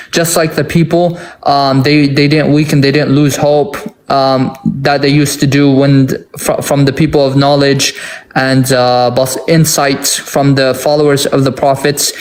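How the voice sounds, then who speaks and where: A man in an online debate, reading classical Arabic passages aloud and translating them into English line by line, with many restarts. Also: on the high side.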